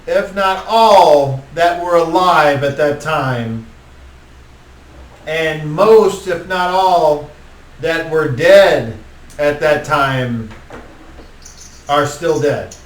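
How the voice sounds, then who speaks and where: Dude putting on a smug old vampire count, slow and theatrical, a bit far from the mic. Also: male voice, on the high side, pitched above the performer's own voice. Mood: grandiose. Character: suave commanding male vampire count, ancient. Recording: roomy, distant mic.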